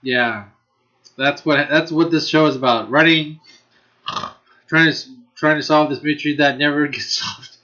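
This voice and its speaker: A man's voice: a little high, fairly even intonation, moderate pace, pauses often, bright, forceful tone, highs cut off. A man ranking anime in a casual video, rambling and restarting his sentences, laughing often and cursing freely. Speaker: anime reviewer.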